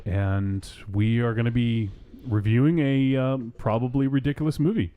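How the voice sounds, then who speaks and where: A man's voice: mid-range voice, steady tone, moderate pace, phone-quality sound. A man in his forties hosting a live podcast, chatting casually and laughing often. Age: 40s. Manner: laughs often, reads chat comments aloud. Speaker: podcast host. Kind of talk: casual live-show banter.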